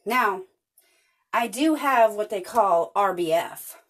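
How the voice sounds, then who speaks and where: This woman hosts a podcast, speaking slowly in a mid-range voice. Her casual motivational monologue is earnest and chatty, full of animated, energetic storytelling.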